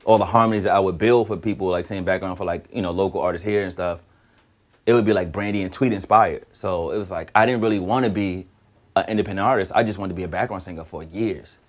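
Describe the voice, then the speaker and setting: A young man with a very low voice tells his story in a loose, conversational way. He slips into other people's voices as he goes, keeping the telling lively. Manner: lively, acts out other people's lines in quick back-and-forth. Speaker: guest singer. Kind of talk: casual storytelling.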